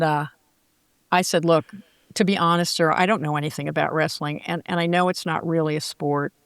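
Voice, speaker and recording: An older woman, a former sportscaster, telling lively anecdotes as an interview guest and acting out the voices she quotes. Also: sits low, no echo. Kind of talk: casual interview storytelling.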